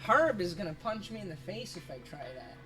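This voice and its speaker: A streamer with a very bright, sharp-edged voice rambles through a casual gaming session, swearing freely and laughing often. They sound a little self-conscious about how they come across. Faint game music sits in the background. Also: medium pitch, very animated, brisk.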